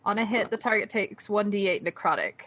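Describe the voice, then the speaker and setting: A woman's voice: medium pitch, animated, fairly quick, fairly bright tone, slight background noise. A woman playing a tabletop game, hesitant and a little unsure of the rules. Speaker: player. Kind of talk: casual game chat.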